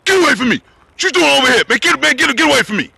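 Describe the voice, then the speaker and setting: A man putting on the voice of a big, gruff elderly uncle who is blunt and loud. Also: lively intonation, fast talker, dry recording, exaggerated voice. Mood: brusque. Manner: booming, brusque, shouted lines.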